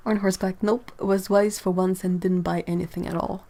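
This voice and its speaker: A woman's voice: mid-range voice, normal speed, a little mellow. A woman chatting casually on an art livestream, sleepy, rambling, laughing often and restarting her sentences. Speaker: artist livestreaming. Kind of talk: casual livestream chat, reading comments.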